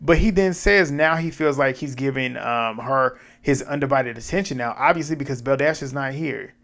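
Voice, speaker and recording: Man, casual recap host, mid-pitched voice, animated retelling, blunt asides. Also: moderate pace. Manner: animated retelling with quoted back-and-forth and asides.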